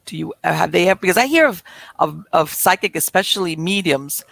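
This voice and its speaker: A woman hosting a podcast interview, chatting casually and asking halting questions. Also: lowish voice, animated, creaky, fairly bright tone, dry recording. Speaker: podcast host.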